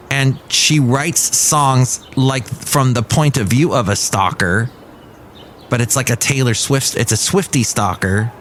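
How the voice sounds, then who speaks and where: Male solo podcaster, mid-pitched, loose and opinionated, light room noise behind. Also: fairly bright tone. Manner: rambling, wry, opinionated asides. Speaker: podcast host. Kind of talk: casual solo podcast monologue.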